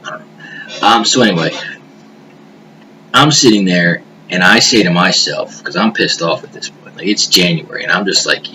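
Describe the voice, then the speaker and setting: A man with a very low voice rambles through a personal monologue, swearing freely and sinking into hushed murmurs now and then. He talks into a home webcam, and a steady hiss sits under every word. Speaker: vlogger. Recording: noisy hiss behind the voice.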